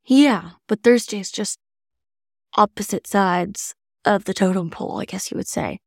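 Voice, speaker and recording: A bubbly young woman co-hosting a podcast, speaking in a mid-pitched voice. The recording is close and dry, with no room sound, and her chat is upbeat and eager. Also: moderate pace, creaky, no echo. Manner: bubbly and enthusiastic. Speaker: podcast co-host.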